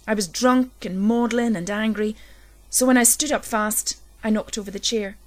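A woman reading a dark first-person story aloud, low and intense, swelling at the tense moments. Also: normal speed. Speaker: narrator. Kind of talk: scripted horror story reading.

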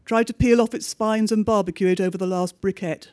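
High-voiced man reading a bleak diary. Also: fairly even intonation, a little mellow. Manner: measured, understated diary reading. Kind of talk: scripted narration of a diary story.

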